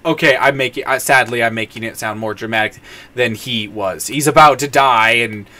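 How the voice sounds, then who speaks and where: A man's voice: medium pitch, moderate pace, pushed and bright. A man streaming a video game, ranting about the story and swapping mild words in for swearing. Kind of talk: casual gameplay commentary.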